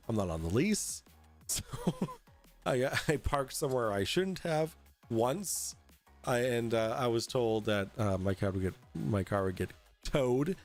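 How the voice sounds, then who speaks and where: A young adult man hosting a casual livestream from home, tipsy, rambling and halting with lots of fillers and swearing. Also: lowish voice. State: tipsy from drinking. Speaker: host. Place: at home in an apartment.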